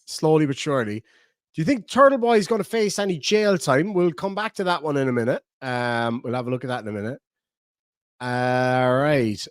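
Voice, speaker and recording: A man's voice: a little high, dry recording. Chatty Irish man, dry close sound. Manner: rambling, jokey, chatty. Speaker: livestream host. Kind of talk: casual chat reading live comments.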